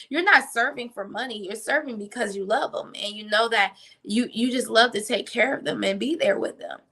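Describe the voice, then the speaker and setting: A woman delivers a casual, conversational sermon, full of slang asides and quick self-corrections. Her voice sits a little high, with a bright, forceful edge and a gravelly fry running underneath. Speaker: faith teacher. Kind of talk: conversational preaching.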